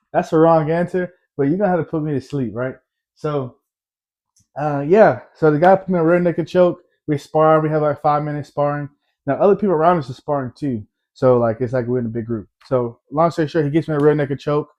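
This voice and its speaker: A man's voice: mid-range voice, darkish tone, highs cut off. A man in his thirties casually telling a personal story to camera, rambling and conversational, often tagging lines with "right?". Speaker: storyteller, army veteran.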